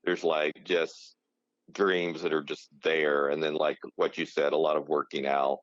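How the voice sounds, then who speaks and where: A man co-hosting a podcast who talks in a thoughtful, analytical and gently teasing way. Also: extremely low pitch, flat delivery, a little slow, no room sound. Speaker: podcast co-host. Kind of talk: casual chat. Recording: slightly dull lo-fi sound.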